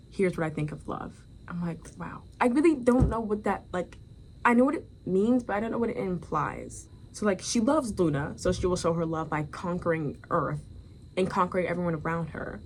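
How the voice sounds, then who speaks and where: A woman's voice: on the low side, slight background noise. A woman reviewing a book in a casual chat, rambling with lots of fillers and dramatic asides.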